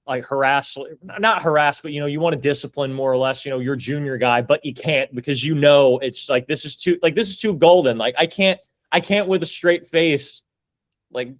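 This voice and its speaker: A man's voice: a little high, normal speed, no room sound. A man hosting a podcast, asking rambling questions full of restarts and fillers. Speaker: podcast host. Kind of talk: casual interview chat.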